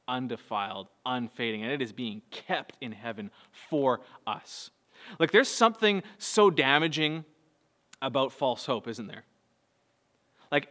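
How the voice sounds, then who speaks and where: Bright-voiced preacher in a reverberant hall. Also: male voice. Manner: earnest, swings between soft low lines and raised bursts. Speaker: pastor. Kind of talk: sermon.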